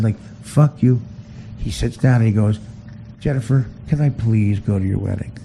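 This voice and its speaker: Gravelly man on a swearing comic rant. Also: mid-range voice, a little hiss or hum, poor audio. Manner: swearing, laughing at his own jokes; drops to a hushed near-whisper when confessing. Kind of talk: profane comedic rant.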